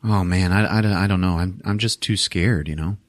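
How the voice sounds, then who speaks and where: A man voicing a nervous young man who stammers and trails off quietly. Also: low voice, moderate pace, natural voice. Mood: timid.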